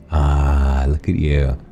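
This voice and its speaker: A man streaming a game, chatting playfully to viewers and squealing excitedly at the animals he meets. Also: rumbling low, vocal fry. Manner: excitable, squeals at animals and mimics their calls. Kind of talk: gaming livestream commentary.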